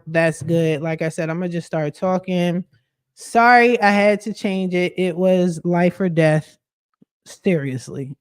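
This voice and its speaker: A woman's voice: low-pitched, clean tone, dry recording, studio quality. Chatty woman telling a story on a livestream. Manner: chatty, animated, multitasking while talking. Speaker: credit expert livestreaming. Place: living room at home.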